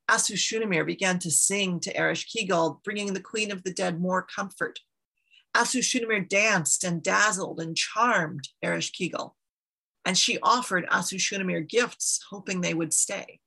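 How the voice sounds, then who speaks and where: A woman telling an old myth aloud, unhurried, dropping casual asides to her listeners. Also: mid-range voice, creaky, sharp tone, husky, rough recording. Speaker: storyteller.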